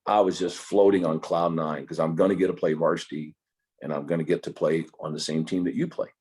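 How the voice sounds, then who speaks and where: An older man voicing his excitable teenage younger brother in a retold story. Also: deep voice, a little fast, slightly rough. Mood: excited.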